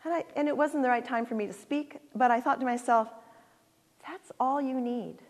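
A woman in her sixties, speaking as a guest at a church, gives an earnest, heartfelt personal talk with halting restarts and closes in prayer. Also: fairly high pitch. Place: church sanctuary. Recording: long reverb of a large church hall.

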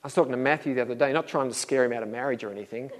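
A man's voice: medium pitch, very fast, long reverb tail, slight background noise. A middle-aged man preaching a sermon in a conversational way, acting out little dialogues with a chuckle. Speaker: pastor.

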